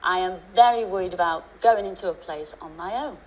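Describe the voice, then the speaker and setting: A woman's voice: fairly low pitch, brisk, darkish tone, slight background noise, rough recording. Chatty Liverpool woman telling stories. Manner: chatty storyteller, many restarts and asides. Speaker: guest. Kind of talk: TV chat-show interview.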